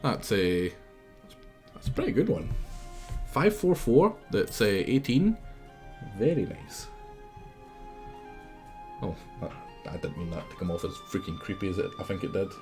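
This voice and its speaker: A man's voice: fairly low pitch, big pitch swings, a little slow, pauses often, music in the background. A Scottish man streaming a game live, chatting and teasing his viewers in a casual, chatty way.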